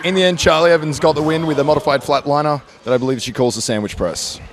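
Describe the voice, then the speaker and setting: A man hosting, recapping wrestling matches in a brisk announcer manner. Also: a little high. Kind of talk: show recap narration. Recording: music underneath.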